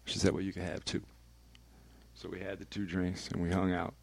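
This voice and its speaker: A man's voice: low voice, level tone, moderate pace, creaky, breathy edge. A man, a radio personality, telling a candid and emphatic personal story as a podcast guest, swearing freely.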